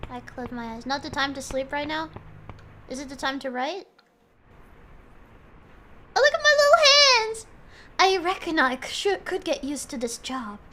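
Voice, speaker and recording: A woman's voice: sits high, a bit bright, a little hiss or hum. A woman streamer giving casual, playful commentary while she plays a horror game and jokes with her chat. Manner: playful, jokey, talks to chat.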